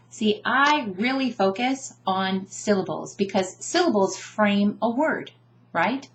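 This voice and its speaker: Slow-spoken woman teacher enunciating words. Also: mid-range voice. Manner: casual, often checks in with a "right?". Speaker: language teacher. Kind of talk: explaining pronunciation to camera.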